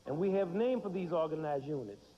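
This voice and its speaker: Man, thirties, music teacher, quizzes a young class, slightly higher voice, muffled old TV sound. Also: animated, a little fast. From United States. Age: 30s. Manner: asks children questions and answers them himself. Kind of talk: classroom lesson for children. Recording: dull 1990s TV broadcast.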